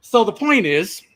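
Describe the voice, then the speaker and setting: A trucker vlogging to his viewers with a voice pitched a bit higher than most men. He swears freely and tells his story casually and with energy, calling his audience "my friends.". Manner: profane, animated, addresses viewers as "my friends". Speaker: truck driver and channel host.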